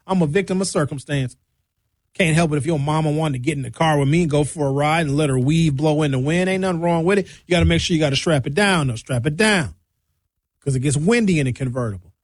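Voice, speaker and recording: Middle-aged male radio host, comic storyteller, slightly high voice, dry studio sound. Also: no room sound. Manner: loose, bawdy, storytelling with acted-out voices. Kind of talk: comedic monologue.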